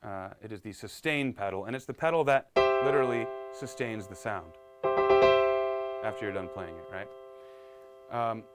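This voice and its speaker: A male piano teacher runs a live-streamed lesson, upbeat and chatty, reading out viewer comments and explaining as he goes. His voice is fairly low and a little slow, and he pauses often.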